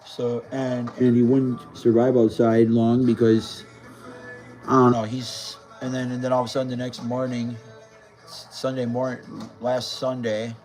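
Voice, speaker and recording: A man's voice: medium pitch, monotone, measured pace, a little mellow, poor audio. A man talking casually to camera in a rambling way, stumbling, repeating words and swearing as he goes. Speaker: vlogger. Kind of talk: casual vlog talk. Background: faint music.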